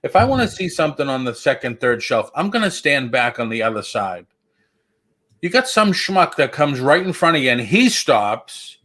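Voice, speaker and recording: A man's voice: on the high side, fairly bright tone. A man hosting a casual livestream chat, joking and rambling with lots of restarts. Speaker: host.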